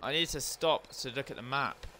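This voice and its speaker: Male let's-play co-host, bright tone, jokey and profane, headset mic. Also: medium pitch, a little fast, slight background noise. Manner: jokey, swears freely, laughs often. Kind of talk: casual gaming banter.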